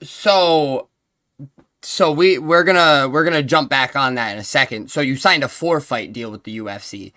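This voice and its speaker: A man hosting a casual podcast interview, his voice bright and forward. He asks rambling, laid-back questions, full of fillers and little restarts. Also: mid-range voice, moderate pace. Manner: loose, filler-heavy questioning. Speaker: podcast host.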